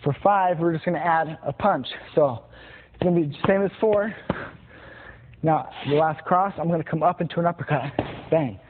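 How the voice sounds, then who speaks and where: A man teaches boxing combinations, calling out each punch and counting through the moves as he demonstrates them. His voice sits a bit high. The sound is thin and phone-like, with steady noise underneath. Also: moderate pace. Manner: plain, repetitive instruction with punch sounds. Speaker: boxing instructor.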